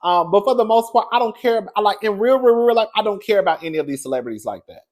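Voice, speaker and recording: A sassy man talks gossip straight to his viewers in a casual, chatty way, with a voice that sits a little high for a man. He drops into low murmurs, then jumps up into high, excited bursts, and keeps calling his audience "girl.". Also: fast talker. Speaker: celebrity gossip commentator. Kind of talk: casual commentary to camera.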